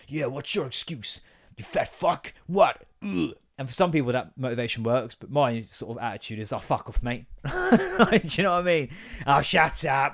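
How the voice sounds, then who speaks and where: A young man hosting a solo comedy podcast, ranting in a sweary, rambling, animated way. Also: medium pitch. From England. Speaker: podcast host.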